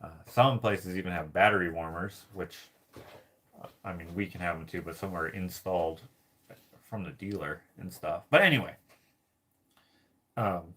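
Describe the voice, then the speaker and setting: Low-voiced man rambling through a story. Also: moderate pace, long pauses, bright, forceful tone, husky. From Canada. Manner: rambling, laughs often, heavy use of "like". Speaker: vlogger. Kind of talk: casual storytelling to camera.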